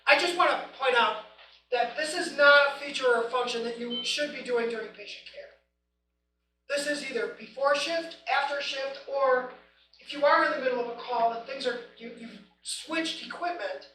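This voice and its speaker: High bright woman leading a class. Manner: emphatic, step-by-step instructions to a class. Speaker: equipment trainer. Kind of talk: hands-on training class. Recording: echoey room, mic far off, faint noise.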